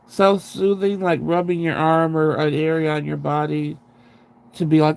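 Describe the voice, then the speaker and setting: A man's voice: on the high side, fairly even intonation, normal speed, gravelly, darkish tone. A man hosting a livestream, chatting casually with his viewers in a rambling way, restarting sentences and laughing at himself, into a sensitive close microphone. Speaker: livestream host.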